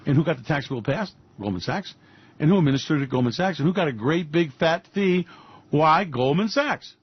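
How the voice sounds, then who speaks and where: A man's voice: on the high side, lively intonation, normal speed, slightly rough, dry recording, highs cut off. A man hosting a radio show, giving fiery, mocking commentary on politics and finance with repeated punchlines. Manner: ranting, mocking, repetitive punches.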